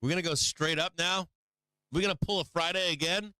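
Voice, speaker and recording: A man's voice: on the high side, brisk, bright, forceful tone, clear, resonant tone, dry recording. A man hosting a stock market livestream, giving brash, profane live trading commentary and laughing often.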